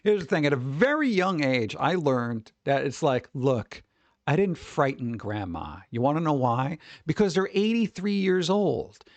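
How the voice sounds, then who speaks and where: Man, streamer, casual rambling chat, joking, gravelly, dry close mic. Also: on the high side, sing-song, no room sound. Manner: rambling, joking, puts on quick voices for bits.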